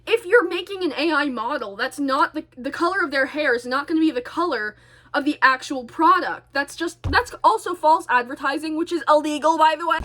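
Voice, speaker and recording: A woman vlogger in a casual, rambling monologue, animated and exasperated, full of fillers and tangents. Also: high-pitched, brisk. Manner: chatty, goes off on tangents, many fillers.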